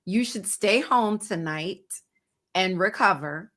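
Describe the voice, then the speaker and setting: A woman co-hosting a podcast speaks in a measured, reassuring way. She reflects on her working life with a bright, clear voice. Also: medium pitch. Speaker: podcast co-host, former news anchor. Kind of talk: casual chat.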